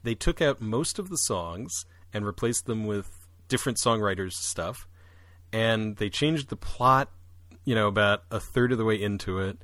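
Animated low-voiced man chatting. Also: moderate pace, no echo. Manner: chatty and animated, jumps pitch for asides. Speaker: podcast co-host. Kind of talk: casual chat about musicals.

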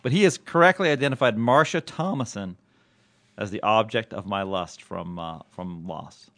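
A man's voice: fairly low pitch, moderate pace, fairly bright tone. A man co-hosting a podcast, easygoing and riffing with his cohost in casual chat. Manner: easygoing, laughs and riffs with cohost. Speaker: podcast co-host.

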